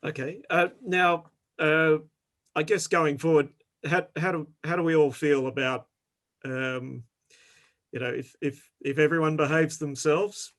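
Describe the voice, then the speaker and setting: A man's voice: a little high, fairly even intonation, unhurried, a bit bright. Hesitant man moderating a webinar. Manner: hesitant, many fillers. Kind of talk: casual panel talk.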